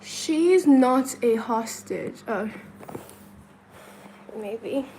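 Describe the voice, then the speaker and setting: Speaking from a hotel room, this Chinese livestream host counts out loud, responds to chat questions, and laughs a lot in a relaxed stream. Her slightly high, mellow voice is expressive, with drawn-out words, and the rough recording carries slight background noise.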